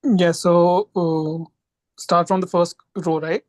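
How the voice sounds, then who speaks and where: Slow, hesitant male student. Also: high-pitched, steady tone. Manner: hesitant, with fillers. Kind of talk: reading words aloud in class. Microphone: video call.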